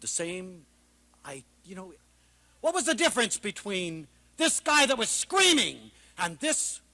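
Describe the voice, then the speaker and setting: A man lecturing with great passion, his voice bright and ringing, riding a high, lively pitch that leaps and drops. He swings from loud, excited exclamations to soft, hushed asides as he tells his stories. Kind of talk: passionate public talk.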